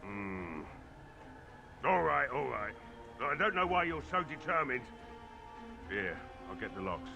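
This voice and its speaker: An actor playing a middle-aged blacksmith in a video game, drunk, bitter and grieving, with a gruff, curt, weary way of talking. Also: male voice, mid-range voice, sing-song, takes it slowly, pauses often, muffled recording, music in the background, heavily acted. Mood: irritable.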